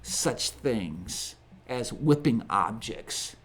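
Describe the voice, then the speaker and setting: Slow, deliberate man with emphatic phrasing. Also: medium pitch, animated, slightly rough. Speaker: ministry host giving a monologue. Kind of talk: solo spoken commentary monologue.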